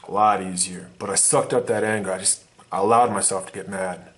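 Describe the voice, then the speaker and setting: A man's voice: fairly low pitch, steady tone, fairly quick, fairly bright tone. A man giving a blunt, swearing motivational monologue to the camera as a vlogger. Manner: intense, profane, emphatic.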